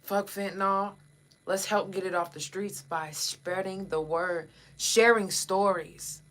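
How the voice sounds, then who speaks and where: A woman's voice: mid-range voice, fairly even intonation, takes it slowly, a bit bright. A woman hosting a casual livestream podcast who speaks straight to her listeners in an impassioned, blunt and profane way. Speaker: podcast host.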